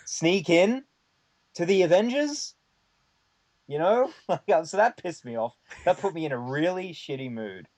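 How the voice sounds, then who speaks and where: A man's voice: high-pitched, expressive, measured pace, darkish tone. Chatty man telling a rambling story. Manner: rambling anecdote with many fillers and casual swearing. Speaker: podcast guest. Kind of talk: casual storytelling chat.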